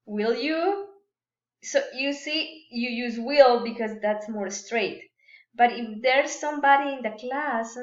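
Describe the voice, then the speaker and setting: A woman whose first language is Spanish teaches grammar in a recorded remote lesson, unhurried and careful, with many fillers and restarts. Her voice sits a little high. The room echoes and the sound is a bit muffled. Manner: slow and deliberate, many fillers and restarts, models example sentences.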